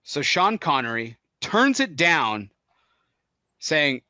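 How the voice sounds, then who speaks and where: A man's voice: medium pitch, lively intonation, normal speed, sharp tone, dry recording. A man hosting a casual podcast chat, rambling and laughing as he goes. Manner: chatty, rambling, laughs a lot. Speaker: podcast host. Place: indoors, cigar podcast set.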